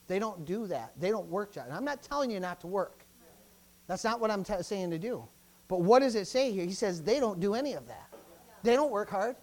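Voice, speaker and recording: A preacher in full sermon mode, swinging from loud, urgent exhortation down to quiet, conversational asides. The delivery leans on repetition and keeps asking the congregation questions. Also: medium pitch, animated, brisk. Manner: repeats phrases, asks the congregation questions.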